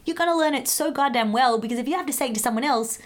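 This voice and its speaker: A woman's voice: high voice, rapid-fire. A young woman doctor co-hosting a podcast, chatting casually with enthusiasm. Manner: enthusiastic, upbeat, expressive. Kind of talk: casual chat.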